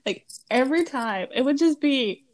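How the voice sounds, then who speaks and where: A young woman in her twenties co-hosts a podcast, chatting casually in a high-pitched voice at normal speed. She's animated and laughs often, with lots of fillers and restarts.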